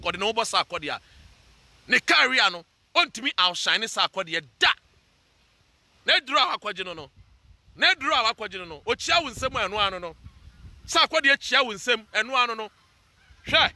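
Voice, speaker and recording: Fiery high-voiced Ghanaian man ranting. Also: sharp tone. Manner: fiery, scolding, repeats phrases. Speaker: social commentator. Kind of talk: heated monologue rant.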